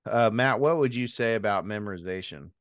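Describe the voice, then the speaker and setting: Smooth, resonant low-voiced man. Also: dry recording, clean studio sound. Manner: thoughtful, measured, chuckles lightly. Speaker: podcast co-host. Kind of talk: casual Bible discussion.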